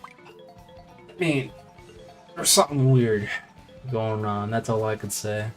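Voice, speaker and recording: A man's voice: lowish voice, slow pace, faint music behind. A man hosting a live game stream, telling a long, digressive story in casual chat while he plays. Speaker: live stream gaming host.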